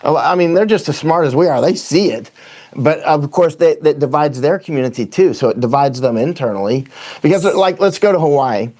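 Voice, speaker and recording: A man's voice: a little high, expressive, a little fast, a little mellow. A man with a Southern US accent, a guest in an interview, telling stories in a rambling way and often restarting his sentences. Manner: rambling, self-correcting storyteller. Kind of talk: conversational interview.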